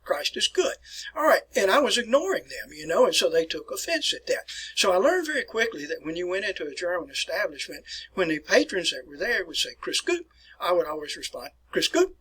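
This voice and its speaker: A man lecturing to his class in a relaxed, folksy manner, repeating key words and addressing everyone as folks. His voice sits a bit high for a man and has a slightly husky edge. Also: brisk, low-quality recording. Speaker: teacher.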